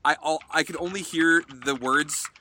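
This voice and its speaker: A man co-hosting a podcast in casual chat, animated, jokey and profane. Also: on the high side, normal speed, a little hiss or hum. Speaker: podcast co-host.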